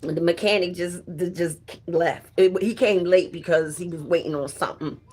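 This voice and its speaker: A woman's voice: lowish voice, fairly even intonation, moderate pace, a little mellow, husky. A middle-aged woman chatting casually and profanely on her livestream, greeting viewers by name and telling a story. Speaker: livestream host.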